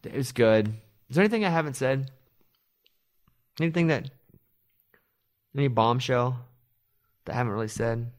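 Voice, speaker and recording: A middle-aged man hosting a radio show, telling stories in a loose, animated way. He slips into other people's voices when he quotes them, in a middle-range pitch. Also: moderate pace, long pauses. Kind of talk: casual chat.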